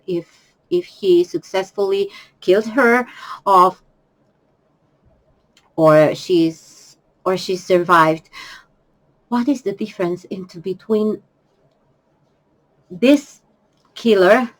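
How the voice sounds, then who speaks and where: Tearful woman speaking slowly, halting. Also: medium pitch, poor audio. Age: 50s. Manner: halting, repeats words, emotional pleading. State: tearful, crying at times. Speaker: vlogger. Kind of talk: personal confessional vlog.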